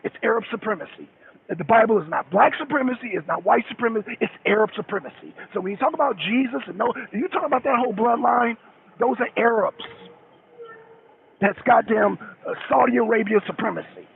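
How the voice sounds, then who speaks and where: A man's voice: very high-pitched, fairly quick, creaky. A man hosting a casual livestream talk show, rambling and calling out chat viewers by name as he repeats himself. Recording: tinny phone-like audio with faint noise.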